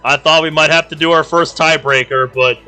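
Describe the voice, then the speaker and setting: A man's voice: on the high side, steady tone, a little fast, sharp tone, faint music behind. A young man co-hosting a visual novel playthrough, chatting casually and upbeat while reading lines aloud. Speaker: let's-play co-host. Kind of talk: casual gameplay chat.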